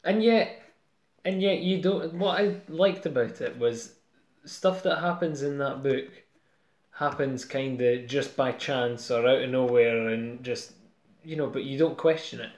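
A man's voice: mid-range voice, measured pace, a little mellow. A man chatting eagerly about comics as a co-host, easygoing and chatty. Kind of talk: casual chat about comics. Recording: roomy echo.

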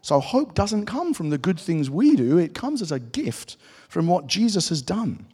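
A man's voice: high voice, sing-song, moderate pace, warm tone, slightly rough, full character voice. A man voicing a wise and kind talking cat from a children's storybook, explaining patiently. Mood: gentle. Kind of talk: reading a children's storybook aloud. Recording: echoey hall.

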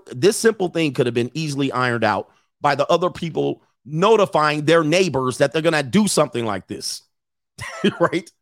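A man's voice: fairly high pitch, no echo. Blunt man reacting in dry close sound. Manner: blunt, opinionated, laughs often. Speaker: host. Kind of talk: casual reaction commentary.

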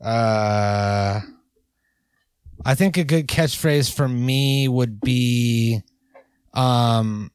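A man's voice: medium pitch, extremely slow, pauses often, clear, resonant tone, dry recording. Easygoing man co-hosting a comedy podcast. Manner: playful, hesitant with many fillers. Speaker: podcast co-host. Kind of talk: casual comedic chat.

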